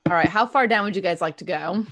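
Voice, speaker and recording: A woman's voice: on the low side, fast, fairly bright tone. A woman running a tabletop game on a stream, describing rooms and laughing easily with her players. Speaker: game master.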